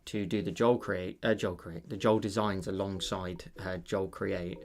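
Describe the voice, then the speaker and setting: A man chatting casually on a livestream while he paints, rambling and thinking out loud with many fillers. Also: deep voice, steady tone, unhurried.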